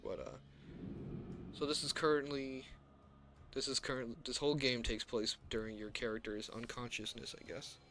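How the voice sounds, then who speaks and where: A man's voice: mid-range voice, little pitch movement, normal speed. A man streaming a video game, chatting casually about the menus and story, often stopping to correct himself and chuckling to himself. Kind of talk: casual gameplay commentary.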